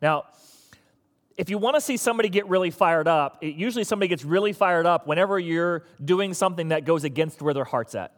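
A man's voice: on the high side, fast talker, long reverb tail. A man preaching a sermon to his church in a conversational, teasing way. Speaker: pastor.

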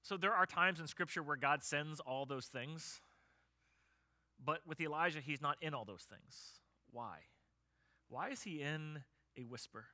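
A man preaching a sermon as pastor, telling stories with animation and closing in soft prayer. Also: medium pitch, dry recording.

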